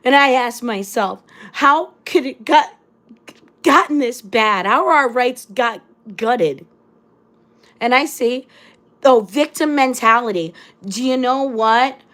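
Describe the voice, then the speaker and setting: A woman's voice: on the high side, animated, slow pace, a bit bright. A woman hosting her own livestream, delivering an angry, blunt and profane rant full of repeated rhetorical phrases. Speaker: livestream host.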